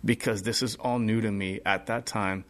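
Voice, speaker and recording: A man's voice: lowish voice, steady tone, moderate pace. A man as a podcast guest, sharing earnestly in a casual, rambling way full of fillers. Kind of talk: casual testimony chat.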